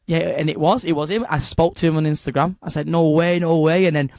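A young man with a Manchester accent, chatting excitedly as an interview guest, rambling and restarting his sentences. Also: a little high, quick pace, vocal fry, dry recording, studio quality. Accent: Northern English, Manchester. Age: young adult. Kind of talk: casual interview chat.

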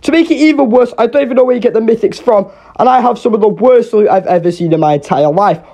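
A man's voice: high voice, quick pace, mellow. A young man giving swearing, exasperated, jokey commentary over his own gameplay. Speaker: gaming YouTuber.

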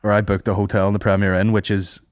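A man's voice: lowish voice, level tone, fast talker, no room sound, clean studio sound. A man co-hosting a podcast, telling rambling, sweary anecdotes in casual chat and acting out what people said. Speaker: podcast co-host.

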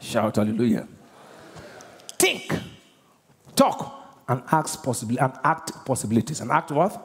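With a mid-range voice, very animated and at a measured pace, a Nigerian pastor gives an emphatic sermon, constantly quizzing the people before him. The setting is a large church auditorium whose long reverb comes through clearly.

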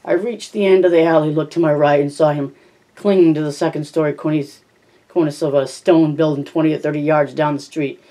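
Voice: mid-range voice, fairly even intonation, a little fast, dark tone. An amateur audiobook reader narrating a novel in the first person, stumbling and correcting words along the way. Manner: reads with slips and self-corrections.

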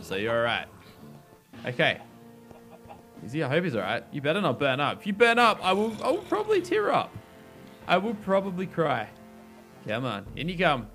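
Excitable man narrating a gameplay video. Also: on the high side. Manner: excitable, talks to game characters. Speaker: gaming YouTuber. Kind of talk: casual let's play commentary.

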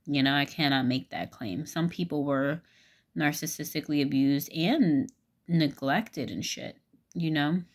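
A woman telling a personal story in a casual vlog, rambling and halting with many fillers, and swearing frankly. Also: low-pitched.

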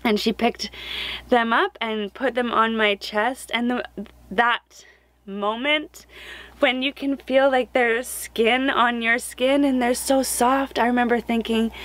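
A woman's voice: fairly high pitch, fairly even intonation, unhurried, a bit bright, no echo. Young woman vlogging her story, emotional, almost crying, dry sound. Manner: emotional, heartfelt, close to tears. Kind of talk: personal story told to camera.

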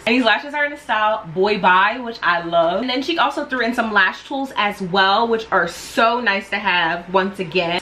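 A woman vlogger excitedly unboxing products and gushing over each item. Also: mid-range voice, a little hiss or hum, rough recording. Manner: gushing, enthusiastic.

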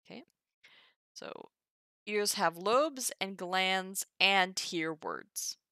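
A woman's voice: mid-range voice, extremely slow, sharp tone, no echo, studio quality. A young woman teaching Ancient Greek on a live stream, thinking aloud with wry asides. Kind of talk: casual live-stream lesson.

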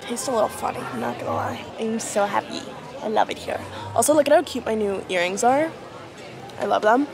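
A woman's voice: on the high side, fairly quick, creaky, crowd noise. A young woman vlogging casually to her phone camera, gushing and upbeat as she talks through her festival trip. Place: festival trip: hotel, pool, outdoors.

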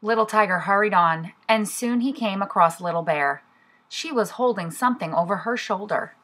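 A woman, a preschool teacher, reading a picture book aloud to young children in an expressive storybook manner. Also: medium pitch, moderate pace.

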